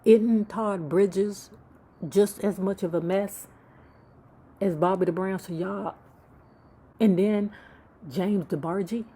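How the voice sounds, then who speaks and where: A woman's voice: medium pitch, steady tone, slow pace, pauses often, warm tone, breathy edge. A woman host telling celebrity gossip in a casual, sassy, profane way, with mocking asides. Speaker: YouTube book club host.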